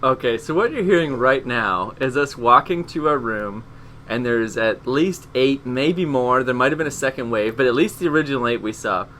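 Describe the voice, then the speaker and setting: Man, podcast co-host, lively swooping pitch, bright edge, laughs through his stories, casual chat. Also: normal speed, a little hiss or hum. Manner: laughing, animated storyteller.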